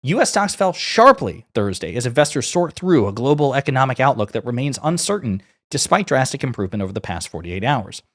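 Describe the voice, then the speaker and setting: A man's voice: mid-range voice, big pitch swings, fairly quick, hardly any pauses, a bit bright. Brief: man delivering scornful, emphatic political commentary.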